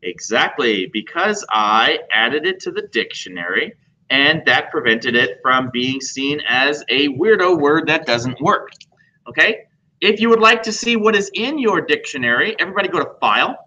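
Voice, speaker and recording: A man teaching a computer class, talking in a joking, chatty way and putting questions to the students. His voice is bright and forceful with a slightly raised pitch. The recording is dull and lo-fi. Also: lively intonation, normal speed.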